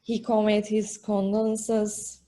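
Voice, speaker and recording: A woman's voice: medium pitch, monotone, takes it slowly, mellow. A woman from Turkey delivering condolences on someone's behalf over a video call, hesitant and searching for words. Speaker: speaker for a business council.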